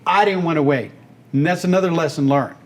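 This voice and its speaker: A man in his seventies from Texas, an animated storyteller and voice actor being interviewed on a podcast. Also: fairly high pitch, brisk. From Texas, United States. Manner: animated, breaks into character voices. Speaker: guest, voice actor and radio host.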